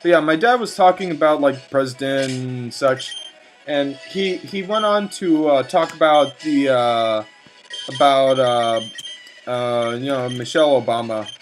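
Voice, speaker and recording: A young man commentating on his own gameplay, rambling off on tangents with lots of fillers and stammered repeats. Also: mid-range voice. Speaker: let's play commentator.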